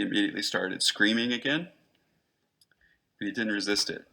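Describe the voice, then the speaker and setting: A man giving a conference talk, reading prepared case notes in an earnest, measured way. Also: on the low side, creaky, sharp tone. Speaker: conference presenter, therapist.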